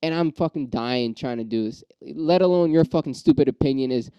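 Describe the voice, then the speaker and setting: Man, casual vlog rant, heavy cursing, rambling restarts, mellow voice, dry muffled lo-fi sound. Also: mid-range voice, brisk, clear, resonant tone, dry recording. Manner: profane, rambling ranting with restarts; gets riled up then calms. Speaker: aspiring stand-up comedian.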